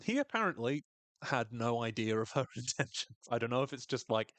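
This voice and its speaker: A man's voice: medium pitch, sing-song, a little fast, a bit bright, dry recording. A man co-hosting a podcast, recapping a TV episode in a casual, wry way and acting out quotes. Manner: dry, wry humor, reads quotes in a voice.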